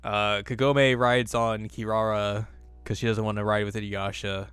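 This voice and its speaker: A man's voice: lowish voice, flat delivery, normal speed, a bit bright, clear, resonant tone, no echo. Playful man recapping with silly voices. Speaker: podcast co-host. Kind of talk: casual recap chat.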